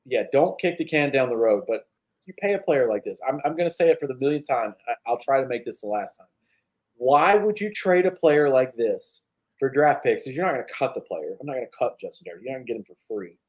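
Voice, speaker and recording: A man's voice: mid-range voice, darkish tone. Ranting sports podcast co-host, man. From North Carolina. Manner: emphatic, ranting, swears freely. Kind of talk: casual sports chat.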